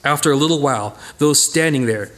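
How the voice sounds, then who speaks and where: A man teaching a casual Bible study, who talks in a lively way and acts out the people in the story. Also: fairly high pitch, brisk. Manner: animated, acts out voices of the characters.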